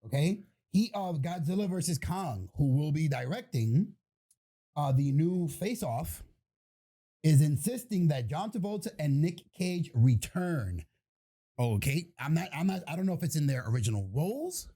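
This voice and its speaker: A man's voice: on the high side, sing-song, moderate pace, warm tone, husky. A man co-hosting a podcast in casual chat, trading jokes and profane banter. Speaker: podcast co-host.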